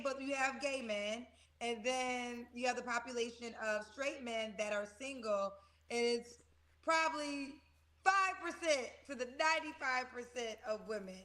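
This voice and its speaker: A woman reads viewer questions aloud on an online dating show and then chats on in a relaxed way. Her voice is bright and pitched fairly high. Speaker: co-host reading viewer questions. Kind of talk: casual chat.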